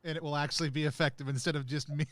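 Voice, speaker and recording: A man playing a tabletop game, animated and rambling, laughing often as he describes his character. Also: fairly high pitch, rapid-fire, dry recording. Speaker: player. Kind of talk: tabletop role-play chat.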